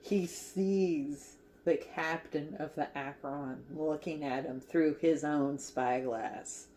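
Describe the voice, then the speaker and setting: A woman's voice: deep voice, fairly even intonation, slow, mellow, a little hiss or hum. A woman casually recapping a movie as a crochet vlogger, chatty and giggly, with lots of fillers.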